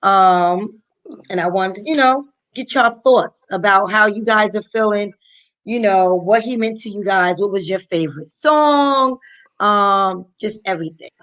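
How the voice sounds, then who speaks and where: A woman from New Jersey hosting a live online talk, speaking casually and warmly with many pauses and ums over a video call. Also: medium pitch. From Paterson, New Jersey, US. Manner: soft-spoken, many ums, heartfelt. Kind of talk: casual live-stream chat.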